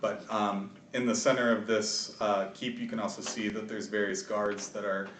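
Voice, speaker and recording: Male game master, halting delivery, recorded off-mic in a roomy space. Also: fairly low pitch, level tone, a bit bright, a little hiss or hum. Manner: hesitant, many ums and restarts. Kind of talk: narrating a tabletop game. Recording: echoey room, far from the mic.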